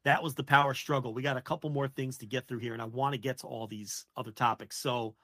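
A man co-hosting a wrestling podcast, opinionated and quick to rant, swearing casually. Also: medium pitch, little pitch movement, fairly bright tone, no room sound. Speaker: podcast co-host.

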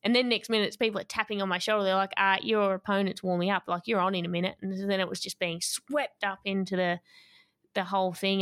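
Smooth-voiced woman telling a story. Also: mid-range voice, no room sound, clean studio sound. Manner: lively, laughs often while telling a story. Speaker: guest. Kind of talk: storytelling in a podcast interview.

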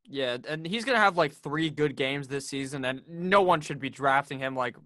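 A man's voice: on the high side, normal speed, a bit bright, no echo, studio quality. A man hosting a casual sports podcast, joking and swearing freely as he runs through picks. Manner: profane, joking, brash. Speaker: podcast host.

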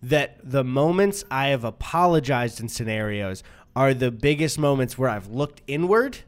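A man's voice: mid-range voice, moderate pace. A man co-hosting a podcast in casual chat, swearing freely and jumping into goofy voices for bits. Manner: animated, swearing, slips into put-on voices for bits. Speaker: podcast co-host.

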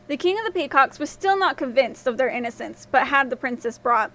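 A woman with a high voice narrates a fairy tale for a podcast. Her reading is expressive and lively, moving the story along. It is scripted storytelling narration. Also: a little fast, hardly any pauses.

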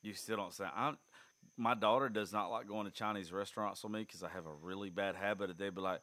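A man's voice: on the low side, quick pace, sharp tone, no echo. A man, chatting casually as a podcast co-host, joking crudely and swearing a lot. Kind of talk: casual chat.

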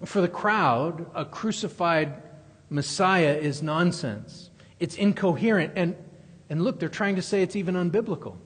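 A man with a fairly high, husky voice preaches through a passage with emphatic repetition and building intensity. His words ring out with the long reverb of a large church sanctuary. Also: expressive, a little slow. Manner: emphatic, repeating key phrases and building intensity. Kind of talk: expository sermon.

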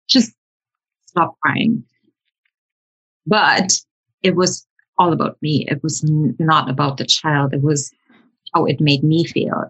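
A woman's voice: deep voice, fairly bright tone, breathy edge, no echo. A woman guest in a casual chat, speaking earnestly and reflectively, with a slightly dull lo-fi sound.

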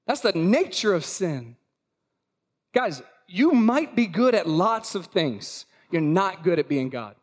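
Emphatic, high-voiced male pastor preaching. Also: big pitch swings, takes it slowly. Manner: emphatic, with rhetorical questions and repetition. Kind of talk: sermon. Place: church service.

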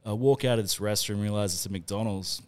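A man with an Australian accent co-hosts a podcast, telling a rowdy, rambling anecdote among mates, laughing and swearing as he goes. His voice is lowish and clean-toned, and he talks a little fast.

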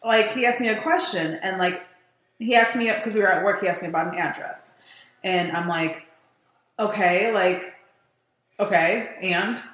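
A woman co-hosting a podcast, telling a story in a blunt, animated way and laughing often. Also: medium pitch, normal speed, long pauses, reverberant, low-quality recording. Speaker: podcast co-host. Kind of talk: casual chat.

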